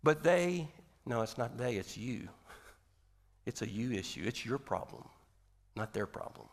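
Gravelly man preaching a lively sermon. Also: medium pitch, a little slow. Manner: conversational, animated preaching with rhetorical questions. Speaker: pastor.

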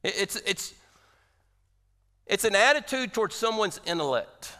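A male pastor giving a sermon in a conversational, animated way, asking the audience rhetorical questions. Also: high-pitched, measured pace.

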